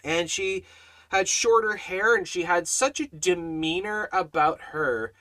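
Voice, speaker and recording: A man's voice: sits high, measured pace, bright, forceful tone. A man giving a Bible study talk as a teacher, speaking emphatically and repeating phrases for weight.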